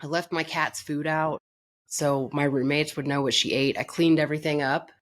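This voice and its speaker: A woman's voice: low-pitched, steady tone, normal speed. A woman from Florida, a podcast guest telling her own story in a candid, blunt and profane way, mocking herself.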